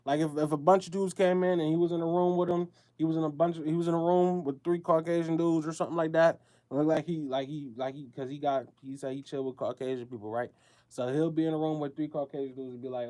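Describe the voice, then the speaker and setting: A man's voice: on the high side, fairly even intonation, fast talker, warm tone. A man hosting a show, talking in a casual, emphatic, slangy monologue with a lot of repetition.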